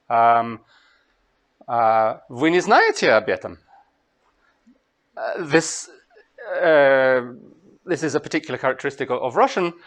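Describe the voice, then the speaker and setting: A Scottish translator with a medium-pitched voice gives a master class. He lectures in a relaxed way, thinking aloud with fillers and small laughs.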